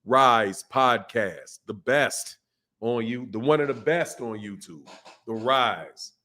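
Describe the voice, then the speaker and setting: A man's voice: mid-range voice, slow pace, fairly bright tone. A man hosting a casual boxing talk stream, talking loosely, repeating himself and greeting viewers by name. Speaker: boxing channel host. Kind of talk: casual live-stream chat.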